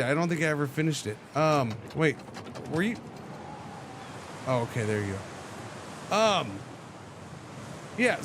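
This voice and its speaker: There's a little hiss or hum under this man's high voice, along with background music. He's streaming a game and telling a rambling, animated story in casual chat, restarting often.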